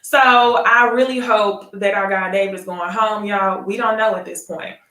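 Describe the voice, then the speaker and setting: A woman's voice: medium pitch, steady tone, normal speed, sharp tone, reverberant, far from the mic. Chatty woman recapping reality TV. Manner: chatty, addresses viewers as y'all, laughs often. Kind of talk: casual live review chat.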